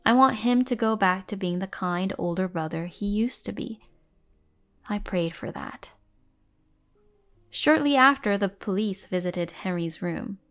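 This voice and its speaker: A woman narrating a first-person drama story in an even, measured way over faint music. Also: mid-range voice.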